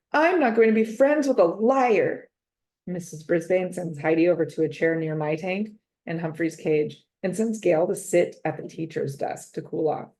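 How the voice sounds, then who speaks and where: Narrating a children's storybook, a woman uses a mellow, fairly low voice. Her reading is expressive, with words stretched out for effect.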